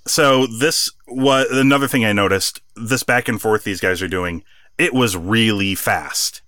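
A man's voice: on the low side, measured pace, pushed and bright, no echo, clean studio sound. A man co-hosting a podcast, recapping a wrestling show in casual chat and acting out the wrestlers' lines. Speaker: podcast co-host.

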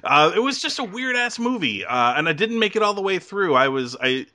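A man with a bright, forceful voice chats loosely on a podcast. He rambles, restarts his sentences and laughs often. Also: high voice, big pitch swings, fairly quick. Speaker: podcast host. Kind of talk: casual chat.

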